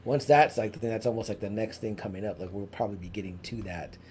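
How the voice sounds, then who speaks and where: A man's voice: on the low side, quick pace, slight background noise. A man hosting a podcast, chatting casually and telling stories with lots of filler words. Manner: animated storyteller, many filler likes. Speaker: podcast host. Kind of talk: casual chat.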